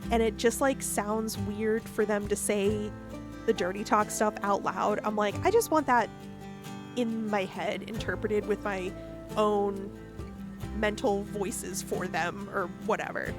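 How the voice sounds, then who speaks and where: A woman's voice: medium pitch, little pitch movement, unhurried, over music. A woman hosting a live stream, talking frankly and laying out her points one by one. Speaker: streamer host. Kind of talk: casual chat on a live stream.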